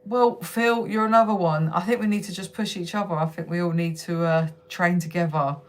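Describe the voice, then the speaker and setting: A woman's voice: lowish voice, steady tone, a little fast. A young woman hosting a casual live stream from home on her phone, chatting with viewers, laughing often and swearing freely. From United Kingdom. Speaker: livestream host.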